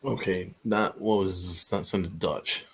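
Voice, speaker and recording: A man's voice: sits low, steady tone, slow, breathy edge. A man co-hosting a casual livestream, teasing his friend and easily amused. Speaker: co-host.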